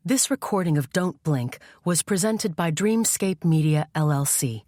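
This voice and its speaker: A woman reading a first-person thriller audiobook in a measured, tense storytelling voice. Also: low voice, lively intonation, mellow, no room sound. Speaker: audiobook narrator. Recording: dry studio voice-over.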